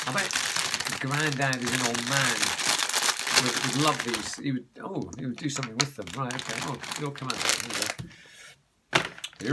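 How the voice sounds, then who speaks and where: A man chatting casually to his viewers in a rambling vlog, calling them folks. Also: medium pitch. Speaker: vlogger. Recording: background noise.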